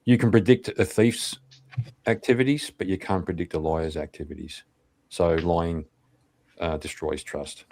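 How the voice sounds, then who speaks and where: A man's voice: low-pitched, steady tone, measured pace, darkish tone, no room sound. A man in a casual online debate explaining his reasoning step by step over a call mic. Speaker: debate participant. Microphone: video call mic.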